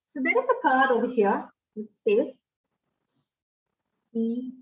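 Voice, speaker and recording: A fairly high-voiced woman with an Indian English accent speaks from a little way off the microphone, and her audio is dull. She teaches step by step in a webinar and often restarts with "uh" and "um.". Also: expressive, slow, distant mic. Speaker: pre-primary educator giving a webinar. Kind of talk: webinar talk.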